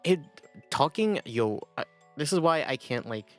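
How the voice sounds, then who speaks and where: A man's voice: on the high side, animated, measured pace, soft background music. A young man chatting casually on a livestream, rambling and self-deprecating, often breaking into laughter. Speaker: streamer.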